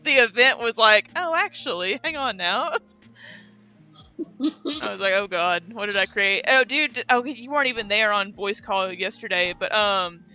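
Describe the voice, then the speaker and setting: Bright-voiced young woman streamer. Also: medium pitch, moderate pace, clear, resonant tone, soft background music. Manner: chatty, laughs often, slangy. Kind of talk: casual chat.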